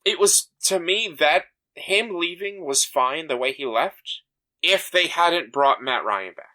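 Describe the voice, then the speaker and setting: Bright-voiced animated podcast guy. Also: on the high side, unhurried. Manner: animated, emphatic, many fillers and restarts. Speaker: podcast co-host. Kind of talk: casual chat.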